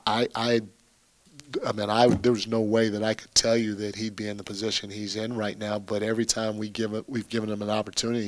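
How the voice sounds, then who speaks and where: A man's voice: lowish voice, a bit bright, no echo. A man, a basketball head coach, answering at a post-game press conference in a candid, rambling, chatty way with small laughs.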